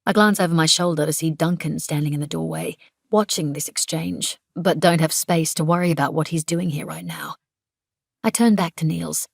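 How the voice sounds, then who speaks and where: A woman reads an audiobook in the first person, with a low, gravelly voice. She turns intense and emphatic in the dialogue. The sound is close and dry. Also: fairly even intonation, normal speed, no echo. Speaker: audiobook narrator.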